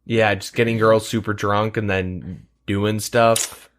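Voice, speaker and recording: A man's voice: on the low side, level tone, takes it slowly. Rambling, swearing podcast guy. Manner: rambling, filler-heavy, swears casually. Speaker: podcast host. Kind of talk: casual chat.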